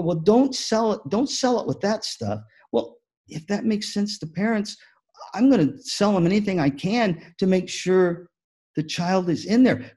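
Keynote speaker, man, mellow and a bit husky, animated storyteller. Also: high voice. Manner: animated storytelling with acted-out quotes. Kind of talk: conference keynote talk.

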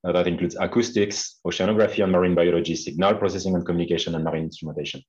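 A man's voice: sits low, fairly even intonation, rapid-fire, darkish tone. A man with a French accent, a non-native English speaker, giving a seminar talk with many hesitant fillers over a video call. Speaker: guest speaker. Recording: dull lo-fi video call audio.

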